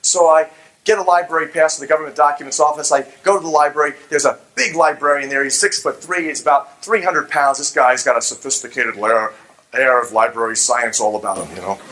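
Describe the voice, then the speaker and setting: A man's voice: mid-range voice, brisk, poor audio. A middle-aged man giving a fervent, religious public talk, telling a story and acting out the voices of the people in it. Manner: animated storyteller who acts out quoted voices. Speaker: public speaker.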